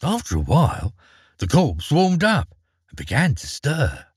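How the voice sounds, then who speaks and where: A man with a husky voice narrating a fairy tale, with dramatic swings in pitch. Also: wildly swooping pitch, measured pace, no room sound, clean studio sound. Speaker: storyteller. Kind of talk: expressive storybook reading.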